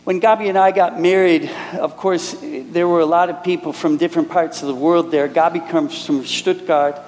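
A man's voice: fairly high pitch, fairly even intonation, moderate pace, darkish tone, long reverb tail, low-quality recording. A middle-aged man from Minneapolis preaching a sermon, telling personal stories in an earnest way and acting out the people he quotes. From Minneapolis, United States. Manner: earnest storytelling, acts out quoted speakers.

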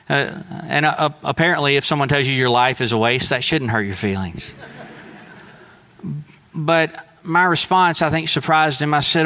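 An earnest man delivers a sermon, leaning on key phrases and slowing to drive them home. His voice sits slightly high for a man and carries a bright, forceful edge. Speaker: preacher.

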